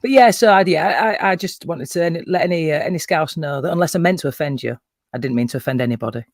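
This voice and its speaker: A man's voice: on the high side, quick pace, creaky, no room sound, studio quality. A man with a Yorkshire accent, chatting casually as a guest on a livestream panel, sweary and self-mocking with frequent laughter. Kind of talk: casual chat.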